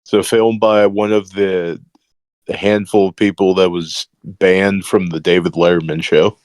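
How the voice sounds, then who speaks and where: A man with a very deep voice tossing off deadpan wisecracks in a podcast chat. The recording is close and dry, with no room sound. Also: measured pace, no room sound. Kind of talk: casual chat.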